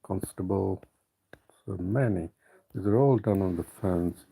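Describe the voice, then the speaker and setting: A man hosting a live stream drawing tutorial, talking in a relaxed, rambling way and often correcting himself. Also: low voice, a little slow, creaky, breathy edge. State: hiccuping.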